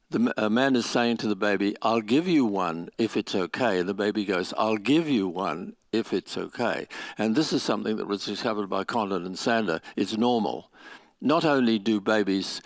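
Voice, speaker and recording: A man lectures at an academic conference, explaining carefully and sometimes restarting his sentences. His voice sits fairly low. The sound is dry, with no room echo. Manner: explanatory, with restarts and small laughs. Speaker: conference speaker. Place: lecture venue.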